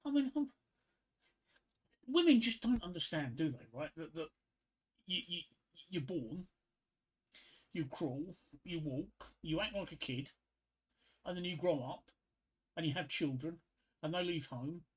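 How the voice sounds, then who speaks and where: An older man with a fairly high-pitched voice hosts a casual solo livestream. He rambles, jokes at his own expense and talks straight to his few viewers, full of ums and restarts. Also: measured pace, pauses often, husky, low-quality recording. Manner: rambling, self-deprecating, chatting to viewers; frequent fillers and restarts. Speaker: livestream host.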